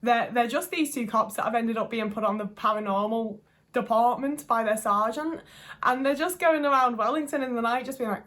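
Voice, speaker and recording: A woman's voice: a little high, brisk, a bit bright. A young woman chatting to camera in a rambling, gushing way, swearing casually as she goes. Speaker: vlogger.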